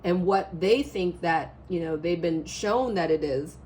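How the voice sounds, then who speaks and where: A woman reading tarot cards in a rambling, animated way, her voice a little hoarse, often checking in with the listener. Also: lowish voice, measured pace, slight background noise. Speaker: tarot reader. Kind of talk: casual spiritual reading to camera.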